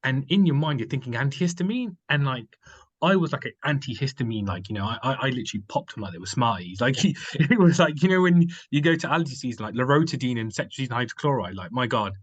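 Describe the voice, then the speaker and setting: A man's voice: mid-range voice, lively intonation, quick pace, breathy edge, lo-fi sound. A man from the United Kingdom, a company founder who is a guest, telling his story in casual conversation, rambling with many fillers and restarts.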